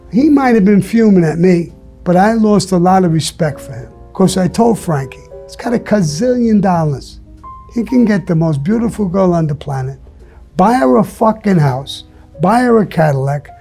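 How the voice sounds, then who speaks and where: This man's voice is high-pitched and creaky, mellow with a breathy edge. As a guest in a casual interview, he tells stories in a blunt, profane way and performs the quotes himself.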